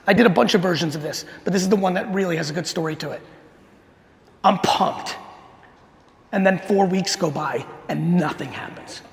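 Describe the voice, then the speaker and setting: A middle-aged man giving a keynote talk, telling a story in a fast, punchy, profane way. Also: high-pitched, gravelly. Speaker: keynote speaker. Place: large conference hall. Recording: long hall reverb from a stage.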